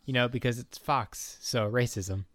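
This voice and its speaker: A man's voice: medium pitch, fairly even intonation, moderate pace, fairly bright tone, no echo. A man co-hosting a casual comedy podcast, recapping an episode in a joking, laid-back way.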